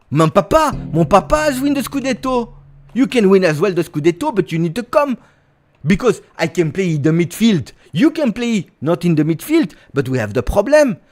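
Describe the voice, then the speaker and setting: A man putting on a playful young footballer with a thick French accent, who coaxes and teases in animated, swinging tones. He drops French words into his English as he sells his plan. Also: high-pitched. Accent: put-on French. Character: chatty young male French footballer recruiting a teammate.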